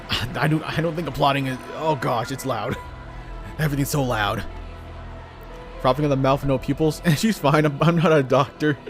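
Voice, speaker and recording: A man doing casual gameplay commentary as a streamer, reacting excitably and laughing often. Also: medium pitch, moderate pace, pauses often, music in the background.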